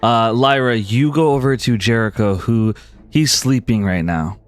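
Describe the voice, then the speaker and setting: A man narrating calmly as game master of a tabletop role-play. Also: mid-range voice, soft background music. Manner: calm, measured narration.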